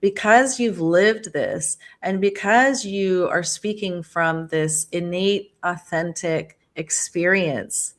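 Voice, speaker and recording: A woman's voice: fairly low pitch, slow pace, few pauses. Earnest, enthusiastic woman podcast guest. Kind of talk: conversational interview.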